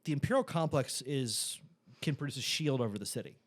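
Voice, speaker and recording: Relaxed chuckling male podcaster. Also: mid-range voice, a little fast. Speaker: podcast co-host. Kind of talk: casual recap chat.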